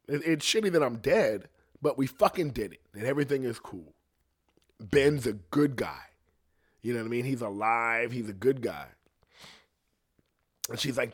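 A young man, a singer, in a rambling casual monologue, swearing freely and jumping between excitement and low asides. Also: moderate pace, long pauses, husky. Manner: profane, excitable, rambling with restarts. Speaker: singer ranting to camera.

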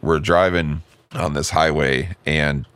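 Man, 40s, extremely low voice, dry sound; animated storyteller for casual chat. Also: slow pace, smooth, no echo.

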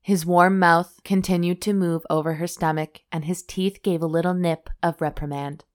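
A woman with a slightly low voice reads romance passages aloud to a friend. Her delivery is steady and dry, with a teasing edge. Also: moderate pace. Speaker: podcast co-host reading a romance novel aloud. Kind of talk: casual chat and dramatic reading.

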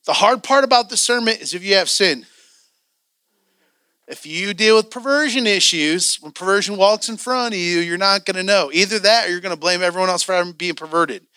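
A man's voice: high-pitched, brisk, pushed and bright, clean tone, no echo, studio quality. A man teaching a church training class, candid and joking, acting out the voices he quotes.

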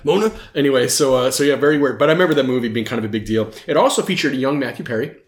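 A man's voice: mid-range voice, rapid-fire, roomy sound. A man hosting a podcast in casual chat, rambling and jokey, who swears and laughs often. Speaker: podcast host.

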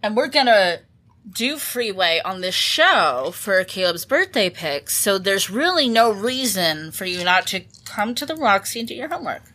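Female podcast co-host, animated pitch, bright voice, playful joking banter. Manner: playful, joking, quick interjections. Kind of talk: casual chat.

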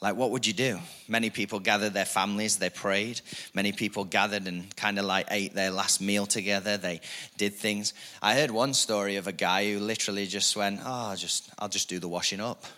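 Bright-voiced energetic male preacher. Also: fairly low pitch, a little fast. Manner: energetic, repetitive preaching with rising emphasis and asides. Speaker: pastor. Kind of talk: sermon.

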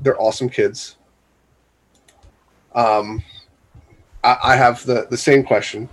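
A man's voice: mid-range voice, fairly even intonation, slow pace, rough recording. A middle-aged man chatting casually on a video call, joking and teasing with a lot of swearing. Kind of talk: casual chat.

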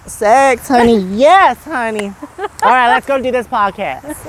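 Slow-talking campy man outdoors. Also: extremely high pitch, animated, fairly bright tone, slight background noise. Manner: campy, flamboyant and teasing. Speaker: comedy podcast co-host. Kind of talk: improvised comedy sketch.

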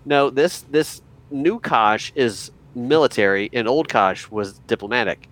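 A man's voice: mid-range voice, a little slow, fairly bright tone. Stammering man co-hosting a chat. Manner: stammering, repeats words while thinking aloud. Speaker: podcast co-host. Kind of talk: casual chat.

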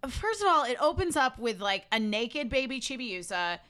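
A woman co-hosting a casual chat, animated and laughing often as she recaps an anime. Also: a little high, moderate pace. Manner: animated, laughs often, quotes characters in put-on voices. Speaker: podcast co-host.

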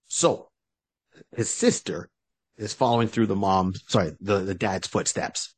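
A man co-hosting a podcast, casually retelling a comic book story in an animated way and slipping into short character voices. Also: on the low side, unhurried, husky, dry recording. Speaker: podcast co-host.

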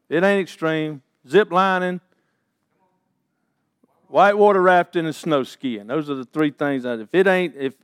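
Middle-aged man preaching, folksy and repetitive, slightly high voice, dry close sound. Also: smooth, dry recording. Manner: folksy, repeats and restarts, calls for amens. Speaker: pastor. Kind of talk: sermon.

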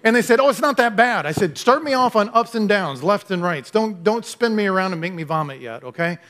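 High-voiced pastor telling lively stories. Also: male voice, fairly quick. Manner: animated storytelling, self-deprecating humor. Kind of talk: sermon with closing prayer.

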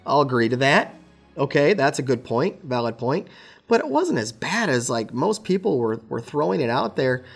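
A man co-hosting a casual film review chat, opinionated and joking, with a gravelly voice. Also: mid-range voice, sing-song, moderate pace, faint music behind. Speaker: podcast co-host.

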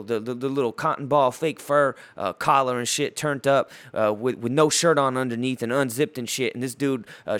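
A male podcast host with a medium-pitched, fairly bright voice goes on a crude, profane gossip rant. He mocks as he talks, stammering constantly and filling the gaps with filler words.

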